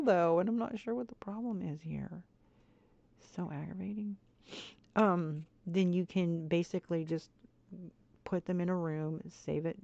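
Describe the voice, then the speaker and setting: A woman streaming a game and chatting to viewers, swinging between frustrated muttering and excited squeals. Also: deep voice, gravelly, dry recording. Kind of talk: casual gameplay chat. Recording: dull lo-fi stream audio.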